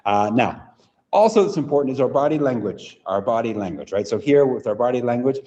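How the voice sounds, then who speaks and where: Energetic man leading a teacher workshop. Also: medium pitch, brisk, in a large hall, muffled recording. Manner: energetic, demonstrative, repeats "right?" often. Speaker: teacher trainer. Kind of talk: live online teacher workshop.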